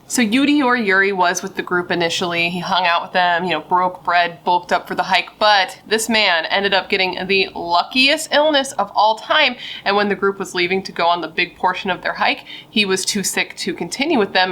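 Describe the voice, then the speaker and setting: A woman's voice: medium pitch, pushed and bright. A woman hosting a true crime video, telling the story in a chatty, playful, self-deprecating way over a casual drink.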